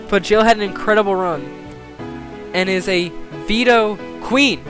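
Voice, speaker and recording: A young man commentating a game simulation on a live stream, excitable, swearing and thinking aloud. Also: high-pitched, moderate pace, soft background music.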